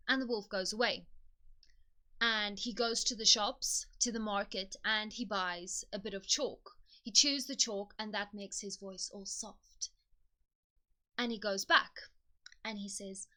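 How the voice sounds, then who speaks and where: A woman's voice: mid-range voice, unhurried, pushed and bright. A woman hosting a book video, retelling a fairy tale in a chatty, conversational way. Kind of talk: casual storytelling retelling.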